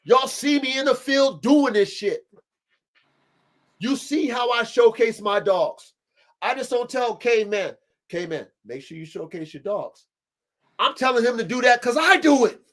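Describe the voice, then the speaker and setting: A man's voice: very high-pitched, measured pace, fairly bright tone. A man hosting a livestream podcast, talking with preachy, emphatic conviction and lots of swearing. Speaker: podcast host and dog breeder. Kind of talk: impassioned livestream podcast talk.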